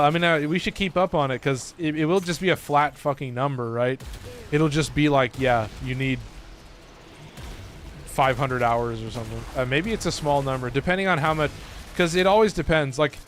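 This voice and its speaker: A man's voice: on the high side, a little hiss or hum. Joking Californian man streaming a game. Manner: loose and joking, swears often. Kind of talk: casual live-stream chat while gaming.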